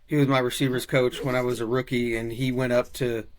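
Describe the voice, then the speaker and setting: A man's voice: medium pitch, flat delivery, fairly quick, noisy background. A man co-hosting a podcast, chatting casually and telling a joking story about himself with some swearing. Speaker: podcast co-host, former football player. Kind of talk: casual chat.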